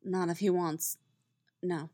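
Woman reading a sleepy man, quiet murmur, very slow, dry sound. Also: fairly low pitch, little pitch movement, dry recording. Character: drowsy adult man, low and gentle.

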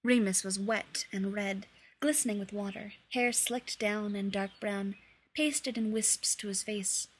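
Husky woman reading a story aloud. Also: medium pitch, steady tone, a little slow. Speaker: reader. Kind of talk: reading fan fiction aloud.

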